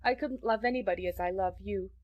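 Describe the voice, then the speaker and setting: A woman voicing a gentle young girl who speaks tearfully and earnestly. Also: medium pitch, fast, lo-fi sound, close to an everyday voice.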